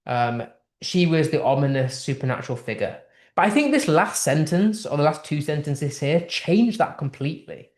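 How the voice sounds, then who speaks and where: A tutor with a British accent explaining a text in a lesson, posing strings of rhetorical questions and thinking aloud with restarts. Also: mid-range voice. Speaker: English literature tutor. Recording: roomy echo.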